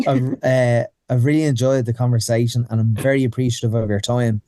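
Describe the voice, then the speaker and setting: A man co-hosting a podcast, enthusiastic and quick to exclaim and laugh. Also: mid-range voice, steady tone, warm tone, no room sound. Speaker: podcast co-host. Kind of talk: casual podcast chat.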